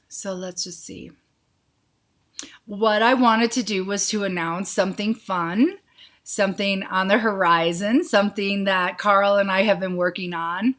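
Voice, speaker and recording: Hosting a relaxed live psychic Q&A, a woman with a mid-range voice and a fairly bright tone reads viewers' questions aloud. Her answers are quick, intuitive yes-or-no readings, and she calls viewers honey and sweetie.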